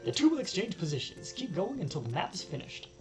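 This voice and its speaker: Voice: medium pitch, very animated, quick pace, pitched above the performer's own voice. A player voicing an old-time radio announcer in a put-on mid-Atlantic accent, over game music. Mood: announcing. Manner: clipped, announcing delivery.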